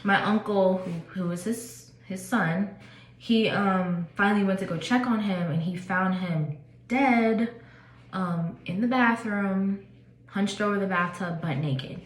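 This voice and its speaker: Recorded in an echoey room, a vlogger in her twenties relays a personal story in a relaxed, talkative style heavy with "like" and fillers. She speaks unhurriedly at a medium pitch.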